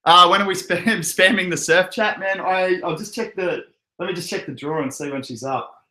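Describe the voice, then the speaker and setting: Hosting a relaxed crypto live stream from an echoey room, a young Australian man with an Australian accent laughs often and chats while reading out viewer comments. His voice is high and sharp-toned, at a moderate pace.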